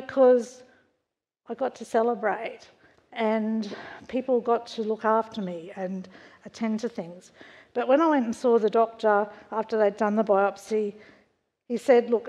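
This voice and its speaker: A woman's voice: fairly high pitch, a little mellow. A woman, giving a frank, conversational personal testimony to a church congregation, with wry understatement. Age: 60s. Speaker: church member sharing a testimony. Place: church hall before a congregation. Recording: long reverb of a church hall.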